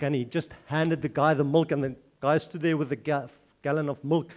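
A man's voice: fairly high pitch, fairly even intonation, fairly quick, a little mellow. A man preaching a sermon, telling a story and then earnestly pleading with his listeners. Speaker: pastor.

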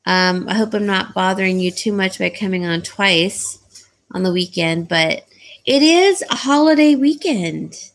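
A tired woman chatting slowly on a home live stream, selling jewelry and yawning between deals. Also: medium pitch, expressive. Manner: slow, sleepy, chatty, laughs often. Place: home, by a small decorated tree.

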